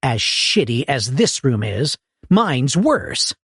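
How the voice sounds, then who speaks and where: A man voicing a laconic rich man who puts on a folksy cowboy drawl, amused and unhurried. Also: mid-range voice, big pitch swings, a bit bright, husky, no echo, clean studio sound, exaggerated voice.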